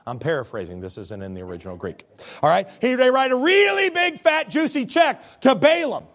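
Animated preacher, high lively voice. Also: male voice, fairly quick. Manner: animated storytelling with comic character voices. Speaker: pastor. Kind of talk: sermon.

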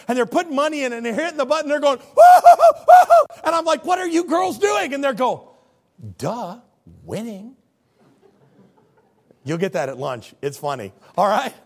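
A man preaching a sermon as a pastor, telling stories with comic character voices. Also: high voice.

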